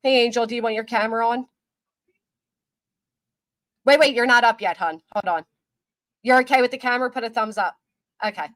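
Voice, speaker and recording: A woman's voice: a little high, a little fast, long pauses, fairly bright tone, no room sound. A woman hosting a casual livestream, talking in an indignant, ranting way. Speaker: livestream host.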